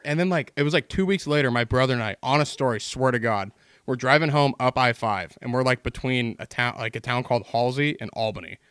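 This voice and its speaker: A man's voice: mid-range voice, fairly quick, a bit bright, clear, resonant tone, no room sound, clean studio sound. A man telling long, rambling stories in casual podcast chat, swearing constantly as he goes.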